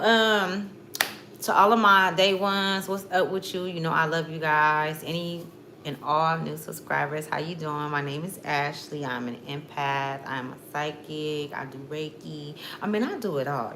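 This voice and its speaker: A young woman with a low voice hosts a casual spiritual vlog, talking in a loose, slangy, rambling way. Her voice carries the echo of a bare room with a faint hum of ambience behind it. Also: unhurried, fairly bright tone. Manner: loose, rambling, slangy, repeats "you know what I'm saying". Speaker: spiritual vlogger and psychic.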